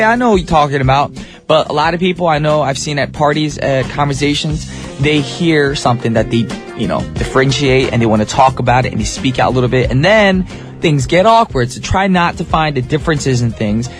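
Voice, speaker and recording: Casual male morning DJ, easygoing patter, light tenor, faint music bed. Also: fairly high pitch. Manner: upbeat and chatty, with casual slang. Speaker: radio DJ. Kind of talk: morning radio show hosting. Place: radio studio. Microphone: studio microphone.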